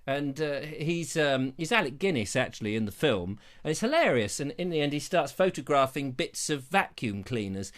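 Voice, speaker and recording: A man hosting a live show, rambling jokily through viewer comments with theatrical swings in pitch. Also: lively intonation, normal speed, few pauses, fairly bright tone. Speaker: host. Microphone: lapel mic.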